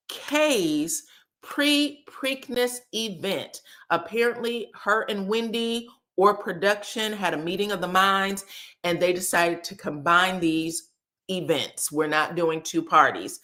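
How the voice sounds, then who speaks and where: A woman with a fairly low voice casually recaps a reality TV episode. She's chatty and gossipy, performing the cast's quotes in animated voices.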